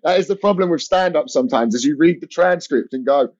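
A man's voice: a little high, fast. Rambling young man telling a comedy story. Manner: rambling, animated storytelling with lots of fillers and restarts. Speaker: comedian guest. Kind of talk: casual anecdote on a podcast. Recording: dull lo-fi audio.

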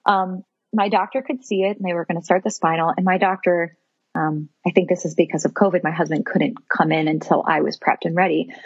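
A woman guest telling a personal story in an animated way, laughing often and saying "like" a lot, with a husky voice. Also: lowish voice, brisk, no echo, highs cut off. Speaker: podcast guest.

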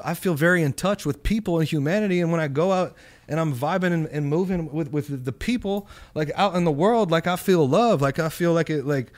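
Guy rambling on a podcast, lots of likes and you know what i mean, kinda high voice. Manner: rambling, many fillers and restarts, swears. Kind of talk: casual chat.

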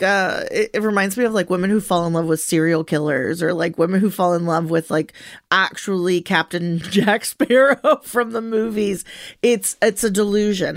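A woman's voice: fairly low pitch, dry recording. Woman in casual chat, dry close sound. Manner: laughs often, says "like" a lot.

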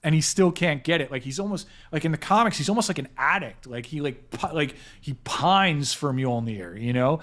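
Eager fast-talking man hosting a chat. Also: fairly high pitch. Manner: quick, excited, many fillers and restarts. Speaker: podcast host, editor-in-chief. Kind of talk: casual panel chat.

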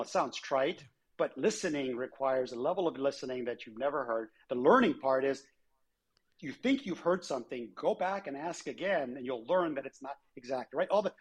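A former airline chief executive, speaking in a mid-range voice with a breathy edge, tells anecdotes in a conversational interview and acts out the dialogue he quotes.

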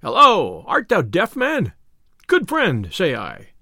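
A jolly, mocking outlaw , as a storyteller voices him, calling out and jesting in archaic words from a storybook. His voice leaps high with glee and sits fairly high overall, recorded close and dry. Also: wildly swooping pitch, slow pace, gravelly, fairly bright tone, no room sound, full character voice. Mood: teasing. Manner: jovial, mocking archaic speech. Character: merry, teasing male outlaw, young adult.

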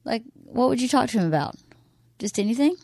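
A woman's voice: on the high side, expressive, fairly quick, creaky, mellow, no echo. An American woman joining her husband's podcast as a guest, chatting casually with dry, teasing replies. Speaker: podcast guest, host's wife. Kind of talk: casual chat. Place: home studio.

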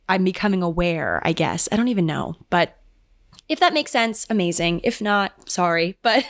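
A woman's voice: lowish voice, vocal fry, a bit bright, no echo, studio quality. A young woman hosting a solo podcast, chatting casually and rambling with lots of "like" fillers. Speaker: podcast host. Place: home.

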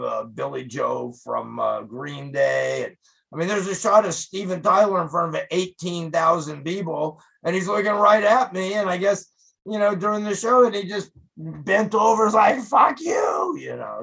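An older man, a rock photographer, telling stories in an interview, animated and profane, loudly acting out what he said to musicians. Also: on the high side, creaky, breathy edge, poor audio. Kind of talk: casual storytelling interview.

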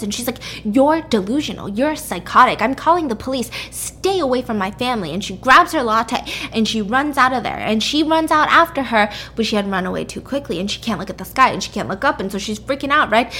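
A woman's voice: on the high side, pushed and bright, a little hiss or hum. A woman casually retelling a story, acting out the characters' lines and saying "like" and "right?" often. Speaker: podcast co-host recapping a story. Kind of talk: casual chat, retelling a plot.

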